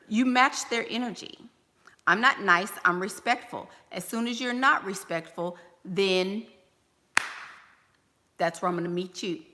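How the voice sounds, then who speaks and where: A woman's voice: on the low side, pushed and bright, big-room sound. A woman giving life-coaching advice on a livestream, blunt and emphatic, firing rhetorical questions.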